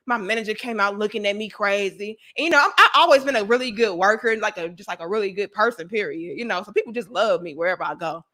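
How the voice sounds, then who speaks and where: A woman telling a personal story to her viewers in casual chat, animated and profane, talking straight to the audience. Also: medium pitch, quick pace, hardly any pauses. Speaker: vlogger.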